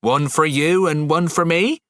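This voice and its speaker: A man's voice: on the high side, unhurried, fairly bright tone, no echo, clean studio sound, pitched above the performer's own voice. A man voicing an eager young witch girl in an audiobook, asking in a keen, pleading way.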